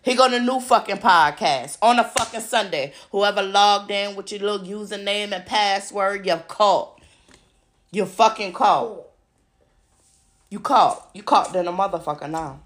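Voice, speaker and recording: A woman's voice: mid-range voice, measured pace, fairly bright tone. Profane, ranting woman. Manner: profane, mocking, repeats insults. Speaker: podcast host. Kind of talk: angry ranting monologue.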